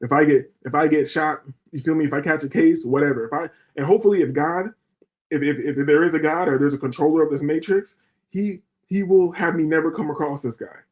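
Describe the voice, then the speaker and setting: A man's voice: on the high side, fairly quick, darkish tone. A man hosting a livestream, ranting in a profane, fired-up way and repeatedly asking rhetorical questions. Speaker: livestream host. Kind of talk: heated livestream rant.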